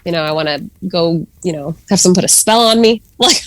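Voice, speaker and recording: A woman's voice: lowish voice, a little fast, no echo. A woman guest in a casual podcast chat, talking freely with fillers and frequent laughs. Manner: chatty, laughs often, many fillers.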